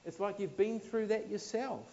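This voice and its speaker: Preaching in a New Zealand accent, a high-pitched man from New Zealand tells anecdotes conversationally, his emphatic swells sliding down into quiet asides. He talks at a normal speed, and the recording is muffled.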